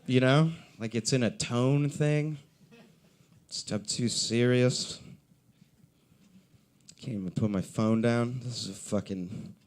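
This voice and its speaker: A young man working through a stand-up set at a coffee shop open mic, telling a rambling, self-deprecating story. He has a medium-pitched voice and keeps slipping into the voices of people he's quoting. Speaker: stand-up comedian.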